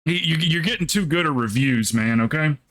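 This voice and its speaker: A man's voice: fairly high pitch, expressive, a little fast, fairly bright tone. A man streaming a game, chatting casually with viewers in a rambling, joking way and swearing freely. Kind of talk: casual live-stream chat.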